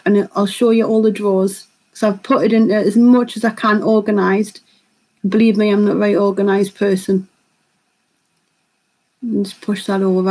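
A woman, chatting quickly while hosting a live makeup tutorial and reading viewer comments aloud. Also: mid-range voice, a little mellow, low-quality recording. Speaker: beauty vlogger hosting a live stream.

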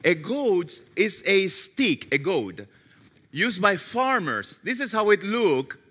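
A male pastor preaching a sermon with animated storytelling and self-mocking humor, sometimes dropping to a hushed low voice. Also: takes it slowly, breathy edge. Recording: long reverb of a large hall.

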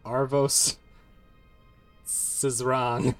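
A man's voice: mid-range voice, little pitch movement, drawn-out words, smooth, soft background music. A man giving casual gameplay commentary as host, chatty and laughing, swearing now and then as he plays. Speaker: gaming channel host.

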